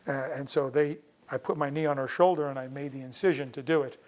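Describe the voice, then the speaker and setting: A middle-aged veterinarian from the New York area tells a personal story in a relaxed, conversational way. He acts out the lines of the people in it as he goes. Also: mid-range voice, quick pace, hardly any pauses, low-quality recording. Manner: conversational, acts out quoted dialogue in the telling.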